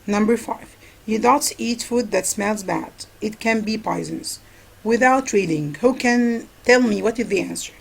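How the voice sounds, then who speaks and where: Arabic-speaking woman teacher going over grammar, super gravelly husky voice, asks then answers herself. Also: fairly high pitch, unhurried, low-quality recording. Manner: asks questions and answers them herself, repeats key words. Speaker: English teacher. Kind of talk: grammar review lesson.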